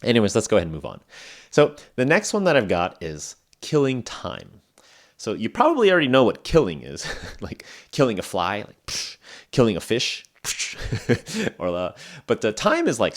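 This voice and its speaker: A young man hosting an English lesson podcast, explaining phrases in a relaxed, chatty way with acted examples. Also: lowish voice. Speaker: English podcast host and teacher. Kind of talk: casual spoken English lesson.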